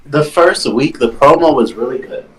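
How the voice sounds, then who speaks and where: A man's voice: medium pitch, expressive, moderate pace, a bit bright, breathy edge. A man co-hosting a casual wrestling chat podcast, rambling and opinionated, speaking from a distance away from his microphone. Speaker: podcast co-host. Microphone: far from his mic.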